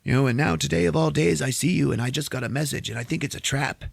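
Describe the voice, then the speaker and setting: A man's voice: mid-range voice, quick pace, vocal fry, husky, no room sound, clean studio sound, pitched above the performer's own voice. A man voicing an aging, paranoid male rebel leader in a strained, raised voice while retelling a film on a podcast. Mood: agitated.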